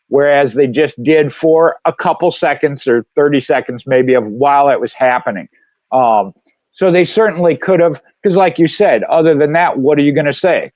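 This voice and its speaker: A man's voice: medium pitch, no echo, lo-fi sound. A man from Minnesota with a Minnesota accent, talking casually on a radio show and rambling with many fillers.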